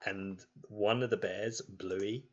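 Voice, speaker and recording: Slow, low-voiced game master. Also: male voice, fairly even intonation, dull audio. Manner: loose, filler-heavy narration. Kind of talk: narrating a tabletop game.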